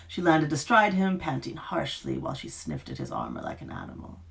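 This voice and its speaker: A woman author giving an expressive, dramatic live reading of her fiction. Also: low voice, a little fast, creaky.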